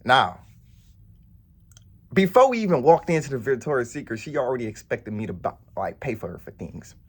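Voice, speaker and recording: A man's voice: mid-range voice, big pitch swings, moderate pace, breathy edge. A man telling a story to camera in a blunt, profane, rambling way. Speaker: vlogger. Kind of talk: casual storytelling.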